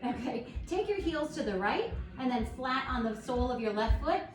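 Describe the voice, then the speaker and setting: Calm, encouraging woman leading yoga. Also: high-pitched, moderate pace. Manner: calm, encouraging, gently instructive. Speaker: yoga instructor. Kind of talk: guided yoga class. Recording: echoey room with faint music.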